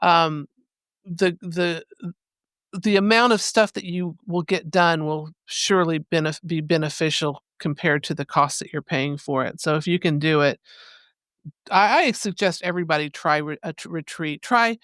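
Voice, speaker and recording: A woman co-hosting a casual chat, encouraging listeners in a halting way. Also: low-pitched, a bit bright, no echo, clean studio sound. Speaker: podcast co-host.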